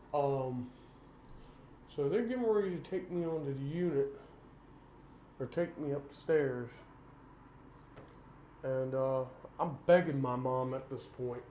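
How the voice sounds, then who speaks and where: Southern guy rambling through a story, kinda high voice, echoey room with a faint hum. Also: a little mellow. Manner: plain-spoken, earnest, rambling. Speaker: vlogger. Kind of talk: personal storytelling. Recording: roomy echo, faint background hum.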